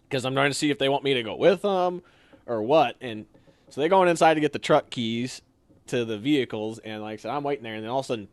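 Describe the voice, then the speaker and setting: A young man casually telling a story, animated and acting out what others said. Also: no echo. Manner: animated, acts out quotes with sudden higher shouts. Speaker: storyteller guest.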